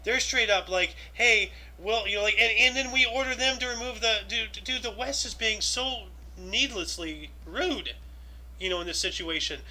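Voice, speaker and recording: A man's voice: high-pitched, moderate pace, sharp tone, low-quality recording. A man co-hosting a casual chat, reading out history events and rambling loosely with lots of filler phrases. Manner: rambling, loose, many "you know"s. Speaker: co-host.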